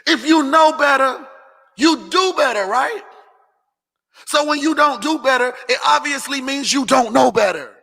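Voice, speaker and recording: Preachy man with a gravelly, bright voice. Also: extremely high pitch, animated, a little slow. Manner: preachy, repeats phrases for emphasis. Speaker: motivational vlogger hosting a Q&A. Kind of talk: casual motivational talk. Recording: long hall reverb.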